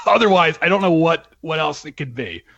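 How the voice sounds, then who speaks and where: A man's voice: a little high, lively intonation, moderate pace, fairly bright tone, dry recording, muffled recording. A man co-hosting a casual podcast, chatty and laughing often, with lots of fillers. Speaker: podcast co-host.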